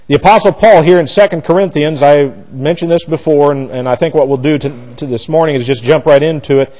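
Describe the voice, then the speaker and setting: A man's voice: brisk, low-quality recording. A man preaching an expository Bible sermon, emphatic, with rhetorical questions and repeated words. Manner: animated pitch jumps for emphasis. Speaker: pastor.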